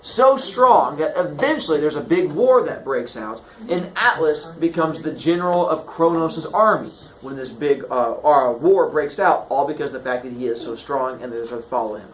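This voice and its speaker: Speaking at a normal speed with hardly any pauses, a high-ish male teacher plays old myths for comedy and does silly voices for each character. His delivery is animated and full of jokes, and the room echoes.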